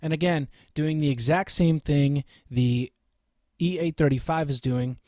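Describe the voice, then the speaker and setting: A man with a deep voice, reviewing microphones in a casual, blunt, opinionated way, often checking in with "okay?". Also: a little slow, dark tone, dry recording, studio quality. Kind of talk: casual gear review vlog. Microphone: close studio microphone.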